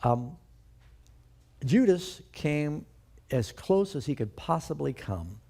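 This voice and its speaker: A man's voice: fairly high pitch, very animated, slow, vocal fry, mellow, breathy edge. A male pastor preaching a sermon, emphatic and putting rhetorical questions to his congregation.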